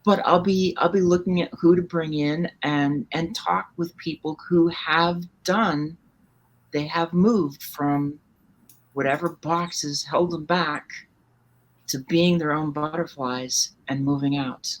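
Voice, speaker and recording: A woman hosting her live talk show, speaking in a reflective, encouraging and measured way. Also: sits low, fairly even intonation. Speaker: show host. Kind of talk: casual live show chat.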